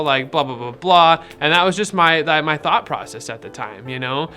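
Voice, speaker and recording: A man's voice: on the high side, fairly quick, few pauses, sharp tone, faint music behind. A young man giving a casual personal faith testimony, rambling and conversational, with many fillers and retold dialogue.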